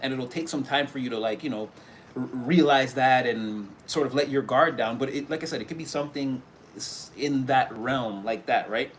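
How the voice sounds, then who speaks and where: A man's voice: mid-range voice, normal speed, slight background noise. A man giving a casual spoken tarot reading, rambling and loose, with many fillers and restarts. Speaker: tarot reader.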